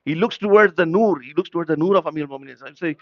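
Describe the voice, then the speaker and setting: A man's voice: fairly high pitch, rapid-fire, dry recording, muffled recording. A man preaching an impassioned sermon at a mourning gathering. He fires off rhetorical questions and switches between English and Urdu.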